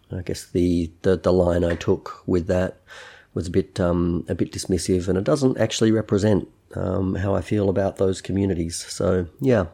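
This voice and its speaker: A man's voice: low voice, vocal fry, mellow. A man hosting a casual podcast, sounding nasal and congested while recovering from a chest infection, rambling with many ums. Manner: rambling, lots of ums and restarts. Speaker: podcast host. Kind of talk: casual solo podcast talk.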